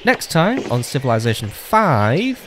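A man's voice: medium pitch, big pitch swings, unhurried, background noise. Jokey man narrating his strategy game. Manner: chatty and jokey, talks to game leaders, swears. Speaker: gaming channel host. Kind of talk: casual let's play commentary. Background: game music.

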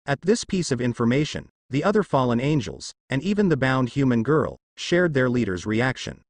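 A man narrating a fanfic story in a steady storytelling way. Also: medium pitch, moderate pace, dry recording. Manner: steady storytelling, lively intonation. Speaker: reader.

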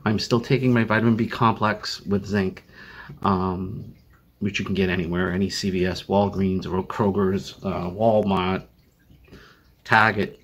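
An older man with a Boston accent talks in a tired, rambling way, often stopping to restart his sentences. His voice sits low and sounds husky. He records at home on a phone used as a webcam. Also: little pitch movement, moderate pace. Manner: rambling, many fillers and restarts. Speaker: vlogger living with chronic illness. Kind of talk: casual personal video update.

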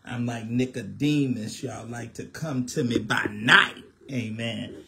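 A man's voice: medium pitch, measured pace, a crowd in the background. A man, hosting a casual phone livestream as a minister, chatty and preachy, often laughing.

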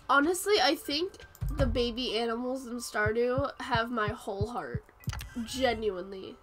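A woman streaming a farming game, chatting casually and squealing with excitement over cute animals. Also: a little high, measured pace. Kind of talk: casual gameplay chat. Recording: game music playing underneath.

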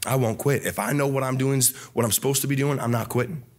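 A young man preaching a sermon as pastor, fervent and repetitive, swinging between shouts and quiet drops. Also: medium pitch, steady tone, fast talker. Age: young adult.

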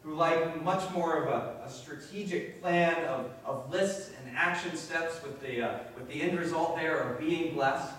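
A pastor with a New England accent preaching a conversational sermon in a church, with frequent fillers and restarts. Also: male voice, on the high side, measured pace, few pauses, a bit bright. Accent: New England American. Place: church sanctuary. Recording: very echoey church from a distance.

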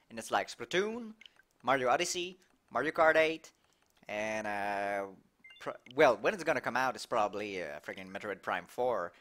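Young male streamer, Québécois accent, lively pitch, excitable game-commentary energy. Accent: Québécois French. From Quebec, Canada. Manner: excitable, laughs often, quick reactions. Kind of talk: live gameplay commentary, reading chat aloud.

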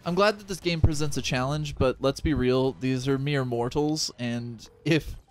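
A man's voice: medium pitch, normal speed, faint music behind. A young man chatting casually and rambling while playing a video game with friends, with frequent restarts and laughs. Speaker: gaming channel member. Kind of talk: casual let's-play banter.

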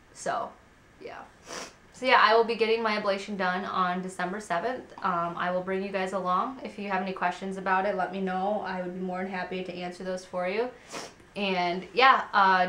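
A woman's voice: fairly low pitch, pushed and bright. A woman in her twenties chatting casually to camera at home as a vlogger, candid and rambling with many fillers. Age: 20s. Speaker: parenting vlogger. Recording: roomy echo.

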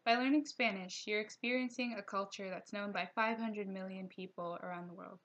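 A young woman narrating a recorded slideshow language lesson, reading each slide aloud at a steady pace and slowing down for pronunciation notes. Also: medium pitch. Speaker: teacher.

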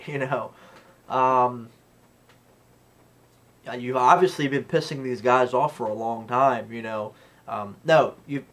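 A man talks through a movie review in a loose, rambling way, packing his sentences with fillers. His voice sits at an ordinary middle pitch and lifts with energy when he quotes favorite lines. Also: fairly bright tone. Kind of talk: casual spoken movie review.

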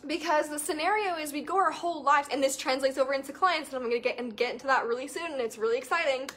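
A woman's voice: high-pitched, quick pace, hardly any pauses, fairly bright tone. A young adult woman coach chatting casually with viewers in an enthusiastic, emphatic way. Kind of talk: casual live chat to viewers.

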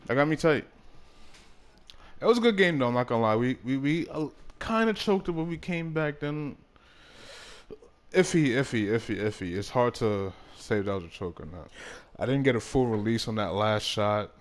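A young man giving casual commentary over a basketball video game, muttering one moment and yelling in frustration the next. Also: mid-range voice, expressive, moderate pace. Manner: swings from mumbled talk to loud frustrated outbursts. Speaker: gaming YouTuber.

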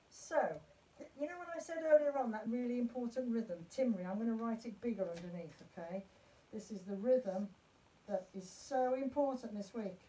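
A woman's voice: a little high, mellow. A woman music teacher leading a live-streamed lesson for parents in a chatty, encouraging way, chanting rhythm syllables. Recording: voice from far off the mic.

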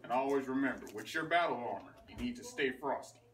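A man's voice: medium pitch, fast, fairly bright tone, lightly acted. A man doing a brusque streetwise ant. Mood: gruff. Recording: far-off roomy noisy recording.

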